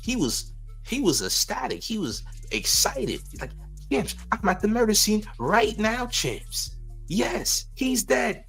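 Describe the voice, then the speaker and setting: A man's voice: high-pitched, big pitch swings, a little slow, creaky, a bit bright, slightly rough, faint music behind, pitched above the performer's own voice, exaggerated voice. A man mimicking a giddy male street vlogger who is gloating over a shooting, in a breathless, mocking voice. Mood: gleeful mockery.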